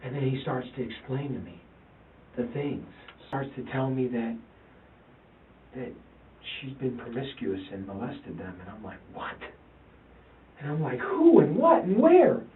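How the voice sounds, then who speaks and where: A man, a father in a police interview, talking haltingly, repeating himself and quoting his sons. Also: medium pitch, a little hiss or hum. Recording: tinny, roomy, distant interview-room recording.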